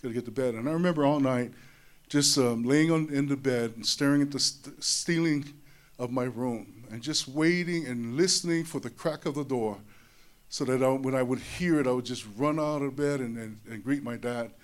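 A man giving a personal testimony to an audience. He talks in an animated way, repeats his words, and drops low and soft in tender moments. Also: moderate pace, clear, resonant tone. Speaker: speaker sharing a personal testimony. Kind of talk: emotional storytelling speech.

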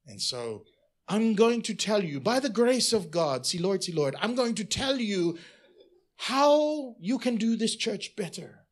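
A man voicing a smug longtime churchgoer who lectures his pastor in a drawn-out, condescending way. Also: sits high, sing-song, pitched above the performer's own voice, exaggerated voice.

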